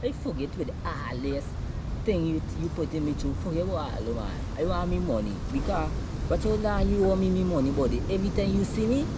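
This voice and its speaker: A man's voice: a little high, lively intonation, a little fast, noisy background. A man with a Guyanese accent acting in a comedy sketch, complaining at length in a rambling way.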